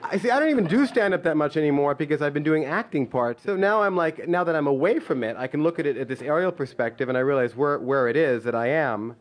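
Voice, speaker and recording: A man in his fifties holds the stage with a loose, rambling comic story. He restarts his sentences, leans on "like" and pokes fun at himself in a playful, easygoing way. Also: fairly high pitch. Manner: rambling, stop-start and full of "like"; playful, self-mocking. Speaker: comedian. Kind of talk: live storytelling stand-up.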